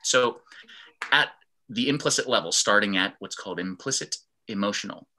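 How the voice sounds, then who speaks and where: A man leads an online fitness class over a video call, sharing his screen as he explains. His voice is bright and carries well, and it sits slightly low. He acts out example sentences in different tones as he teaches. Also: normal speed.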